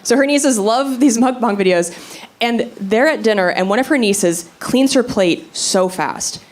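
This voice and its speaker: A woman performing a brash, animated stand-up set on a club stage. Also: fairly high pitch, unhurried. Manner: brash, animated storytelling with quoted voices. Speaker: stand-up comedian. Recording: loud crowd and room noise. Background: crowd laughing.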